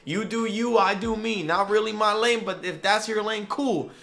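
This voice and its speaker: A young man tells a casual story straight to the camera, full of slang and quick asides. His voice is bright and sits a little high. It jumps even higher whenever he acts out his disbelief. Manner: animated, slangy storytelling that rises high when excited. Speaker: vlogger.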